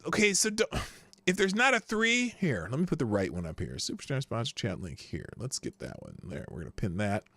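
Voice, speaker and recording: A mid-range, slightly bright male voice with big pitch swings moves briskly as he hosts a live news stream. Chatting casually, he greets viewers by name and often trails off mid-sentence, with no room sound audible.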